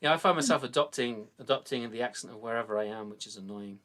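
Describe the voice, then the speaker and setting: A man from England hosting a casual chat show, chatty and quick to laugh. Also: mid-range voice, pushed and bright. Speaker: storytelling show host.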